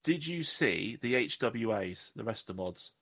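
A man's voice: mid-range voice, animated, normal speed, creaky, a bit bright. A man from southwest England co-hosting a podcast, rambling and joking at his own expense in casual chat. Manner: rambling, self-mocking, joking. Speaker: podcast co-host.

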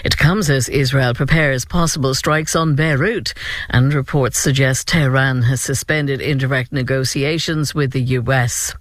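A man reading a scripted radio news bulletin in a measured, even delivery. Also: medium pitch, no echo. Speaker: radio newsreader.

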